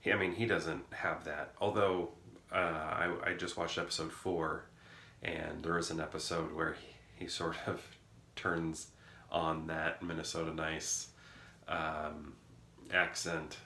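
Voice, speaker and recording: A man's voice: a bass voice, level tone, slow pace, pushed and bright. A man, chatting casually in a vlog and rambling as he corrects himself. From rural Midwest of the US. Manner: rambling, musing, self-correcting. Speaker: vlogger. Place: indoor room. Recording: echoey room with faint noise.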